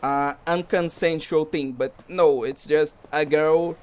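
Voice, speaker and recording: A man's voice: a little high, steady tone, slow pace, a little mellow. Casual male streamer, rambling delivery, slight background hiss. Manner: rambling, many fillers. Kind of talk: casual commentary while gaming.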